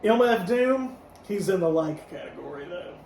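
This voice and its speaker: A man's voice: high voice, normal speed, vocal fry, recorded from a distance. A man co-hosting a casual podcast, reviewing an album track by track and giving scores out of ten. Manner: relaxed, gives scores out of ten, laughs easily. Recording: echoey room, mic set back, faint noise.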